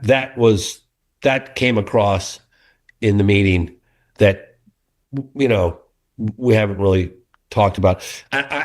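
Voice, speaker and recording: A middle-aged documentary filmmaker chatting as a guest in an interview, an animated and earnest storyteller. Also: male voice, mid-range voice. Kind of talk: casual interview chat.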